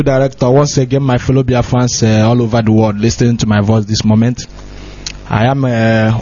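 A man formally addressing radio listeners, halting with frequent fillers. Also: medium pitch, a little mellow. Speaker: radio guest speaker. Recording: distant muffled radio mic with faint noise.

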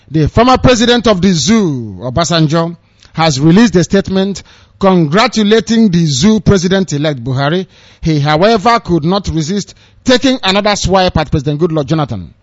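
A man's voice: fairly high pitch, dry recording. A man with a Nigerian accent giving a scornful, impassioned rant of political news commentary, with sarcastic asides. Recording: dull, dry lo-fi recording.

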